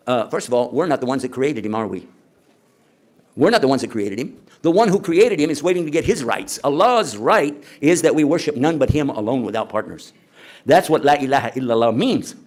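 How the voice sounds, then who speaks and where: A man lecturing at a conference in a conversational way, asking the audience rhetorical questions. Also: on the high side. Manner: acts out quoted speakers. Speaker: Islamic lecturer.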